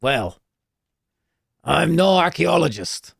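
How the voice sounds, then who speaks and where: A man voicing a gruff, suspicious male dwarf in a fantasy game, speaking bluntly in a rough, grumbling voice. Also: fairly high pitch, lively intonation, slow pace, no room sound, clean studio sound, pitched above the performer's own voice, heavily acted.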